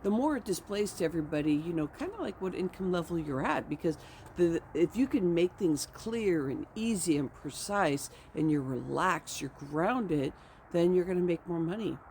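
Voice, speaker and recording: A woman's voice: on the low side, expressive, moderate pace, a little mellow, slight background noise. A woman coach giving an earnest, affirming motivational vlog talk from her ranch home, rambling and repeating phrases. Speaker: health and communication coach.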